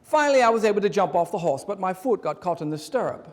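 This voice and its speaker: A man with a Cajun accent voicing a deadpan Cajun hunting buddy in a stand-up bit. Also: high voice, fast talker, big-room sound. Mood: earnest. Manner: deadpan, matter-of-fact storytelling.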